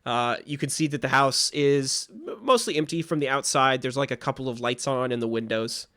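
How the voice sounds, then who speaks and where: A man narrating as game master in a relaxed way, with frequent fillers. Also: mid-range voice, moderate pace, no echo, clean studio sound.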